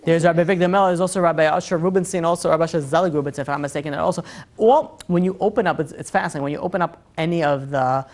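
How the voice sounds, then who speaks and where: Man, rabbi type, rapid lecturing, animated and chatty. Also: fairly high pitch. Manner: animated, chatty, full of "you know". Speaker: rabbi teaching a class. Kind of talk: lively lecture to a live group.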